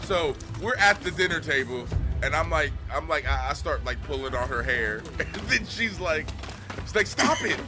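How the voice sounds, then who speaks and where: A young adult man streaming, telling profane, animated stories and laughing through them. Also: fairly high pitch, moderate pace, music in the background. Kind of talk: casual storytelling.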